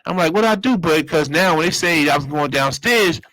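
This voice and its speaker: A man's voice: a little high, moderate pace, bright, forceful tone, dry recording, rough recording. A man casually telling a personal story in slang, acting out other people's voices as he goes. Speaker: storyteller host.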